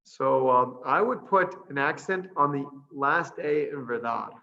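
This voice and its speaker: A middle-aged man, a priest, chatting casually over a video call and patiently teaching a short phrase, slowing down to spell out each sound. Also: mid-range voice, animated, vocal fry, dull audio. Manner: warm, chatty, laughs easily, slows down to spell out sounds. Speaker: priest and missionary guest.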